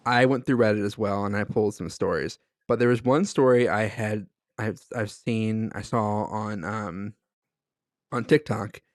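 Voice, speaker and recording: A man's voice: lowish voice, no echo, clean studio sound. A man co-hosting a podcast, telling a story in a loose, rambling way with lots of filler words. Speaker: podcast co-host. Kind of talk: casual chat.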